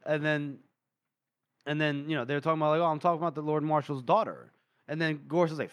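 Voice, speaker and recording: A man's voice: fairly high pitch, animated, fairly quick, fairly bright tone, smooth, dry recording, studio quality. A man co-hosting a casual book podcast, acting out characters' lines with lots of laughter. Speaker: podcast co-host. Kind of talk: casual book-discussion chat.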